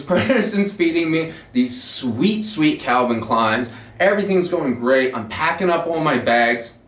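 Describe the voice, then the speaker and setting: A man's voice: mid-range voice, a bit bright, roomy sound, far from the mic. A man hosting his own show, telling a long personal story in a rambling, profane, self-mocking way. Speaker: podcast host telling a story. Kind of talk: casual storytelling monologue.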